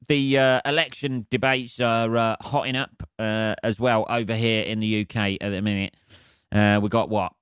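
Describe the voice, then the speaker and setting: A man's voice: fairly low pitch, a bit bright, smooth, no room sound, studio quality. A man hosting a solo podcast, ranting in a sweary, rambling way. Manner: sweary, rambling, laughing asides. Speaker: podcast host. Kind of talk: solo comedic rant.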